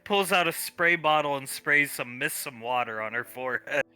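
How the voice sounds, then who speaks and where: A man's voice: mid-range voice, moderate pace, bright, forceful tone, clear, resonant tone, faint music behind. A man narrating actions in a live tabletop role-play with a laughing, bantering delivery. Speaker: player.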